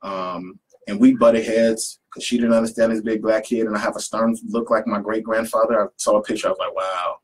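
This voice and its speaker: Low-voiced man telling animated stories. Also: a little fast, few pauses, slightly rough, low-quality recording. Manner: animated storyteller who acts out quotes. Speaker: poet and youth program leader. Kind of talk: casual conversation, storytelling.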